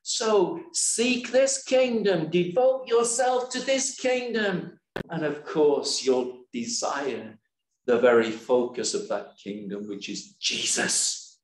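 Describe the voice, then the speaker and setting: A man preaching a sermon in a church, slow and emphatic, often asking rhetorical questions. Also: a little high. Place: church hall. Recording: echoey church hall.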